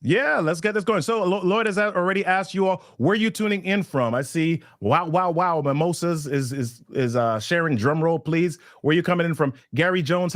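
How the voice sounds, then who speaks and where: A man hosting a live online workshop, talking with excitable energy as he introduces a guest and reads viewer names from the chat. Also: fairly high pitch, moderate pace, hardly any pauses, dry recording, clean studio sound. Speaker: host. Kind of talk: hyped live-stream hosting.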